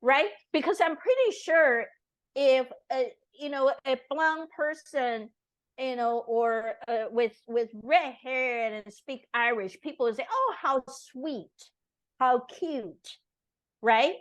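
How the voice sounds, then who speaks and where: Her voice sits high and she talks a little slowly, captured on a rough recording. She's a Taiwanese interview guest, a native Taiwanese Mandarin speaker, pressing her points with earnest emphasis and frequent tag questions in a conversational interview.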